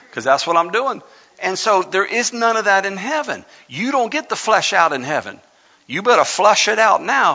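A man's voice: high-pitched, gravelly, bright, forceful tone. A man preaching a sermon conversationally, reading scripture with dramatic emphasis. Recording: lo-fi sound in a reverberant hall.

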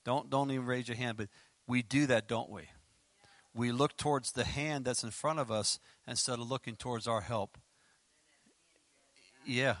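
A man preaching a sermon, animated and chatty, breaking into laughs and acting out quotes with big jumps in pitch. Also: dry recording. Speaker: pastor.

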